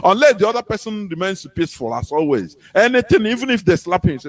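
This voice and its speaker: Give me a fairly high-voiced Nigerian man preaching politics on the radio, asking the listener rhetorical questions. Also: big pitch swings, fast talker, dry recording. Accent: Nigerian English. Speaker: radio host. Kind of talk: impassioned political radio talk.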